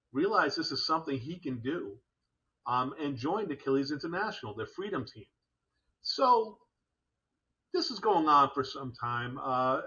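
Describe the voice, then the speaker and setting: Bright-voiced storytelling male clinician. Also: fairly high pitch, highs cut off. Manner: animated storyteller, acts out quoted voices. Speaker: prosthetics clinician. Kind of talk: anecdotal storytelling in a podcast.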